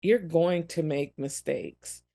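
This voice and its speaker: Woman with a gravelly, earnest voice. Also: low voice, slow, dark tone. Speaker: podcast co-host. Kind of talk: reflective ministry podcast talk.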